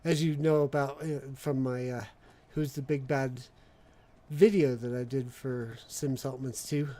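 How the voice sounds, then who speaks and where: A man's voice: mid-range voice, fairly even intonation, measured pace, warm tone. A man streaming a game, chatting casually with friends and humming while he browses menus. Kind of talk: casual gaming chat.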